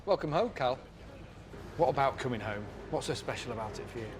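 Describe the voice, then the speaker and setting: Quick male interviewer in outdoor noise. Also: mid-range voice, expressive. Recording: noisy outdoor paddock interview.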